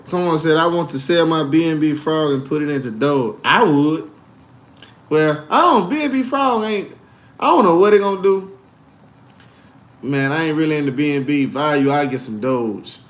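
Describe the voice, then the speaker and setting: A man hosting a casual crypto livestream, animated and slangy, mixing faith talk with tips and reading out comments. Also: a little fast, hardly any pauses, echoey room. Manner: animated, swinging from low grumbles to loud outbursts.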